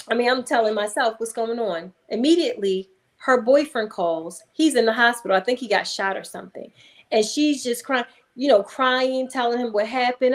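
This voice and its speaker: A woman, a hypnotherapist, speaking as a guest in a conversational interview and telling a story in a calm, emphatic way. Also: on the high side, moderate pace. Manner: calm, emphatic, acts out voices in anecdotes.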